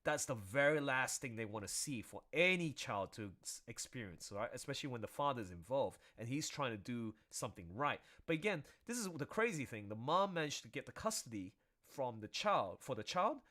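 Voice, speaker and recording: A man chatting casually on his drawing stream, rambling through animated commentary. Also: mid-range voice, brisk, few pauses. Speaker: artist streaming while drawing. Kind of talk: casual chat.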